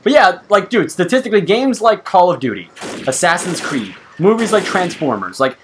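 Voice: medium pitch, moderate pace, background noise. A let's play host chatting casually and swearing freely while playing a game. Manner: profane, rambling, animated. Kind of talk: casual gaming chat.

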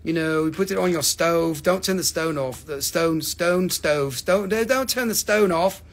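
A man's voice: on the high side, moderate pace, gravelly. A man hosting a live crystal sale, joking and teasing viewers, swearing freely and acting out mock despair over his own discounts. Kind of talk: joking live sales chat.

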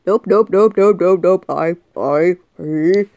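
In an excited let's-play, a twenty-something woman who makes gaming videos talks over her game, jittery and swinging from muttering to screaming. Her voice is on the low side, slow and warm, with no room sound in the recording.

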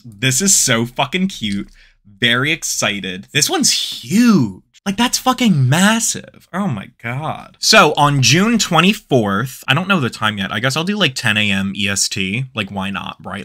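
A campy, foul-mouthed man chatting through an unboxing of his own art pins. His voice is bright and sharp, and his pitch jumps all over the place. He gasps and squeals as the pieces come out. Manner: campy, sassy, heavy swearing, squeals with excitement. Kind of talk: casual unboxing vlog.

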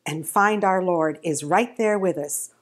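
An older woman sharing a gentle, earnest personal devotional testimony, slowing down for emphasis. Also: lowish voice. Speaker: devotional speaker.

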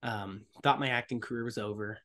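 A young man telling a story as a podcast guest, acting out other people's lines in loud, animated bursts. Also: fairly low pitch, brisk. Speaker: voice actor and stuntman guest.

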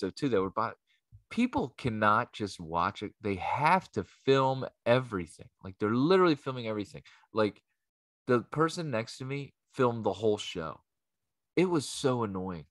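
Swearing storytelling man, low voice. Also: no room sound, studio quality. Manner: animated, swearing, acts out quoted voices. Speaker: comedian host. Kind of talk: profane comic storytelling.

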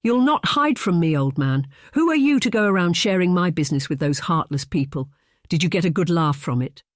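A man voicing a frail, sharp-tempered elderly aunt in an audiobook, in a high, snappish voice. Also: lively intonation, normal speed, no room sound, clean studio sound, natural voice. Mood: shrieking. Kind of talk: audiobook character reading.

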